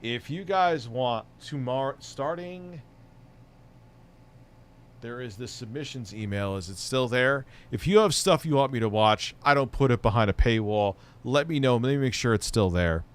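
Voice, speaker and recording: A man's voice: mid-range voice, animated, moderate pace, smooth. A man hosting a livestream, chatting casually in a profane, rambling, offhand way. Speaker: livestream host.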